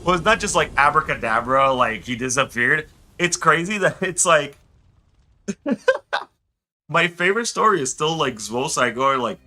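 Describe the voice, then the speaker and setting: A young man streaming a game, rambling excitably as he tells stories and chats. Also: a little high, measured pace, soft background music. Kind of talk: casual gameplay chat.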